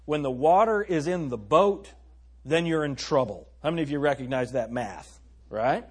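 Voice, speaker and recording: Husky-voiced man preaching a sermon. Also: on the high side, expressive, normal speed. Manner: emphatic, asks the congregation questions. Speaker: pastor.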